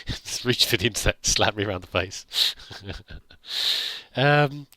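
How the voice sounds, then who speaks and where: A man's voice: fairly low pitch, lively intonation, takes it slowly, pushed and bright, dry recording. A man giving casual gameplay commentary, chatting to himself and laughing at his own mistakes. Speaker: gameplay video host.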